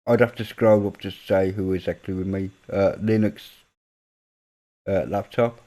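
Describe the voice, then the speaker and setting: With a low, dark voice and a steady tone, a northern English man speaks a little slowly as he hosts a livestream. It's a casual late-night ramble with viewers, peppered with British slang.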